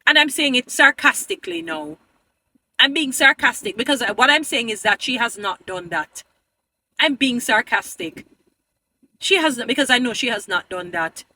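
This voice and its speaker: A woman vlogger talks straight to her followers in a high, bright voice. She argues emphatically and pleads with them, sliding into a preachy, sermon-like tone. Her delivery is insistent throughout. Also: animated, normal speed. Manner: addresses viewers as "beautiful people". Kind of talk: opinion commentary to camera.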